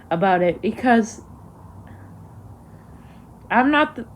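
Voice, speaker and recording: A woman's voice: medium pitch, a little mellow. A young woman ranting heatedly to camera in a vlog, emphatic and swearing often. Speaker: vlogger. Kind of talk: angry to-camera vlog rant.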